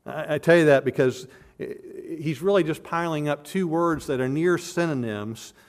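A pastor with a fairly high voice preaches an expository sermon at a measured pace. He's earnest and emphatic, frequently restarting and repeating words as he works toward a point.

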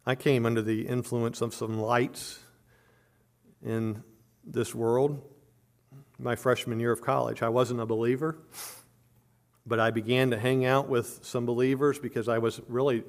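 A middle-aged pastor preaches a sermon earnestly, his voice in a normal middle range for a man, with a steady tone and normal speed. He frequently repeats words and restarts, and on emphatic points both his pitch and volume climb.

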